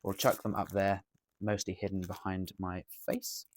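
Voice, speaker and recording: A man's voice: low voice, little pitch movement, normal speed, darkish tone, a little hiss or hum. An English man chatting through a coin unboxing as a dealer, rambling and correcting himself as he goes. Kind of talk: casual unboxing commentary. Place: indoors at a table.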